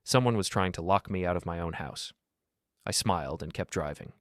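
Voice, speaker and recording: Very deep, calm male narrator. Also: brisk, dry recording, studio quality. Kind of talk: first-person scripted story narration.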